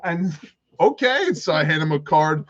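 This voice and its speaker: A man hosting a livestream, telling an animated story and laughing often as he acts out the other people's voices. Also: fairly high pitch, a little slow. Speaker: prepper channel host. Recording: dull lo-fi livestream audio.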